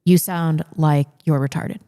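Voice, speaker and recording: A woman's voice: sits low, fairly even intonation, unhurried, mellow. A woman hosting a talk show, chatting casually in a blunt, opinionated way with dry quips. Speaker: podcast host. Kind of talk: casual chat.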